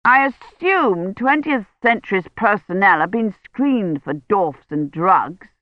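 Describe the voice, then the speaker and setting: Stuffy pompous official guy, read by a woman, higher and louder, dull sound. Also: animated, slow, no room sound. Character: pompous self-important male administrator. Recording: dull lo-fi recording.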